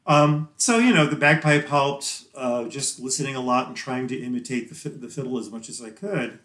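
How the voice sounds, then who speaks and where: A chatty man of middle pitch speaking as a podcast guest, rambling through his answers with easy laughter. His voice rings with a noticeable room echo, as if recorded in a live, roomy space. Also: moderate pace, a bit bright. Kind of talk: casual interview chat.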